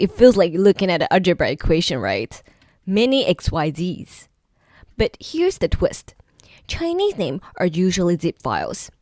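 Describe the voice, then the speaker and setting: A woman hosts a casual explainer video, speaking at a relaxed, deliberate pace. Her pitch rises and falls in a lively, animated way as she plays out little sound examples. The recording is close and dry, with no room behind her. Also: no room sound. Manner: playful, demonstrates sounds with exaggerated examples. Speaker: video host teaching name pronunciation.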